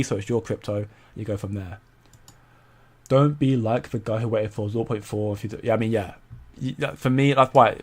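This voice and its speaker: With a lowish voice, a young man runs a casual crypto commentary stream. He rambles through viewer comments, stumbling a lot and repeating words.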